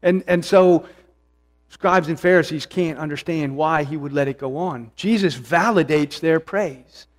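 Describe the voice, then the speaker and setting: A man's voice: a little high, measured pace, big-room sound. A male pastor preaching an expository sermon, earnest and searching, with restarts and rising emphasis.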